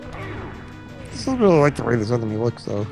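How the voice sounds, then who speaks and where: A man's voice: mid-range voice, wildly swooping pitch, normal speed, a little mellow, soft background music. A man chatting along with a let's play, tossing in dry, joking remarks. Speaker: co-commentator. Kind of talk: casual gaming commentary.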